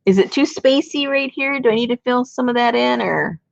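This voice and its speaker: A woman's voice: fairly high pitch, fairly quick, gravelly, no room sound, lo-fi sound. A woman hosting a crafting video, chatting casually as she works and laughing often. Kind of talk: casual chat while collaging.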